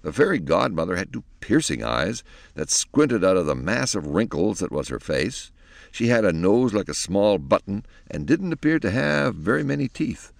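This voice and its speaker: Deep male storybook narrator, lively delivery, dry close sound. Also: normal speed, creaky, no room sound. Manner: expressive, animated reading.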